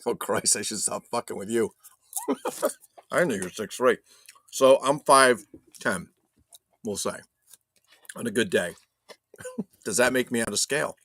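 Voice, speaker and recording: A man's voice: medium pitch, unhurried, pauses often, a bit bright. A man hosting a casual live stream, joking loosely, swearing and reading viewer chat aloud. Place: home streaming setup.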